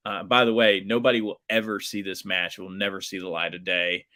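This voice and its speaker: A man speaking in a lowish, bright, forceful voice, chatting as a guest. He tells his story in an animated way, with lots of fillers and restarts. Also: brisk. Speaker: professional wrestler, guest. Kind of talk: casual storytelling in an interview.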